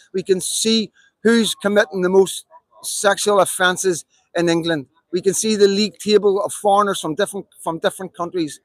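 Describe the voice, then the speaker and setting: Fiery Belfast man, higher-pitched. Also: a bit bright, no room sound, low-quality recording. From Northern Ireland. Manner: emphatic, repetitive, rallying. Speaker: live streamer. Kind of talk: impassioned live-stream monologue.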